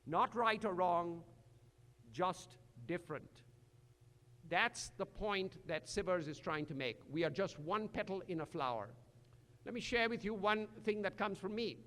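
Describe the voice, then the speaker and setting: An older man from India, giving a commencement address with dry humor and slow emphatic phrasing. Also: sits high, animated, a bit bright. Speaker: commencement speaker. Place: large hall. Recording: echoey hall.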